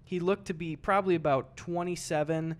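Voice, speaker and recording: A man's voice: fairly high pitch, fairly even intonation, a little fast. A young man co-hosting a podcast, telling a story in casual chat and swearing freely. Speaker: podcast co-host.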